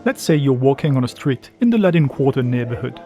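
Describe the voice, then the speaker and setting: Lively man narrating a travel guide. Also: medium pitch, quick pace, soft background music. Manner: lively explanatory. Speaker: travel video host. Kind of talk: scripted narration.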